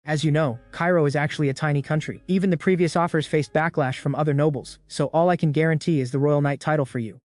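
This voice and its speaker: A pushy royal envoy, as a man reading a story puts him on, talks persuasively and pleads. His voice is fairly high. It is recorded dry and close. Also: steady tone, quick pace, hardly any pauses, a little mellow, dry recording, close to an everyday voice. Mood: persuading.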